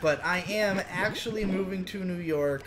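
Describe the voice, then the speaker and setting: A man's voice: high voice, normal speed, noisy background. A man rambling and restarting his sentences as he co-hosts a casual gaming chat. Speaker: co-host.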